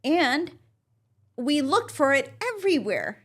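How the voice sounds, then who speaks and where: A woman from Punjab, India, excitedly telling a family story in casual chat and often laughing. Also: high-pitched, slow. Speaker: podcast co-host.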